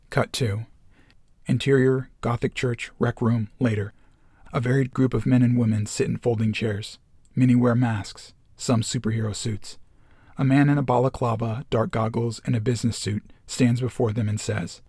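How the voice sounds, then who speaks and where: A man reading a screenplay aloud as narrator, steady and matter-of-fact. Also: medium pitch, normal speed, husky, dry recording, studio quality.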